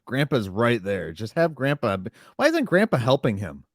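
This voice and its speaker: A male podcast co-host recapping a TV episode in casual chat, animated and given to mimicking characters. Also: normal speed, dry recording, clean studio sound. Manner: animated, acts out characters' lines in silly high voices.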